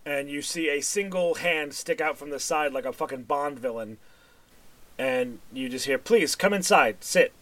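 A man's voice: a little high, steady tone, moderate pace, a bit bright. Rambling male game master. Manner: rambling, with frequent fillers and self-corrections. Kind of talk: narrating a tabletop game.

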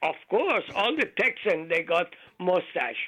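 Halting, high-voiced male caller, slow. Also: sing-song, pushed and bright, poor audio. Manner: halting, with many fillers and non-native grammar. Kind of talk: call-in joke telling.

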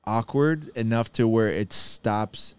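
A man's voice: on the low side, slow, clear, resonant tone, dry recording. A man co-hosting a podcast, chatting casually and profanely, laughing often. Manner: laughing, profane, animated banter. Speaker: podcast co-host. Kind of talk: casual chat.

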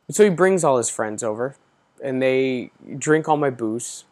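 A man's voice: mid-range voice, animated, moderate pace, a little mellow. A man in his thirties hosting a podcast, telling an exasperated story in a casual, profane ranting way. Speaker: podcast host.

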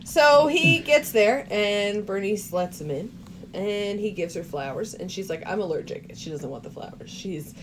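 A woman's voice: mid-range voice, lively intonation, a little slow, background noise. A woman co-hosting a casual podcast, retelling movie scenes and acting out the characters' lines with frequent laughter. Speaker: podcast co-host. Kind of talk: casual movie recap chat.

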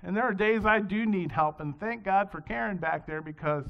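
A man's voice: sits high, moderate pace, creaky. A man preaching a sermon in a conversational, storytelling way, in a dull lo-fi recording. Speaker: pastor. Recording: dull lo-fi sound.

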